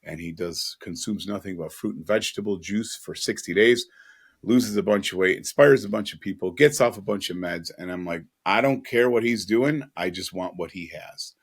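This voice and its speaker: A man's voice: deep voice, normal speed, husky. A man telling an earnest, emotional personal story as a podcast guest, with casual asides.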